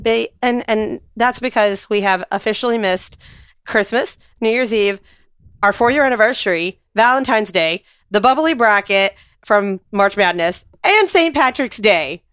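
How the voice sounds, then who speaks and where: Hoarse lady hosting a podcast, rambles and laughs a lot, dry sound. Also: mid-range voice, expressive, unhurried, a bit bright, dry recording. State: hoarse from sinus trouble. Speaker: podcast co-host. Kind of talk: casual chat.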